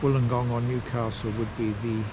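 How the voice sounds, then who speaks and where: A man narrating a casual travel vlog outdoors at a campsite, unhurried and rambling with pauses and fillers. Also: mid-range voice, level tone, lo-fi sound, background noise. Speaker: travel vlogger.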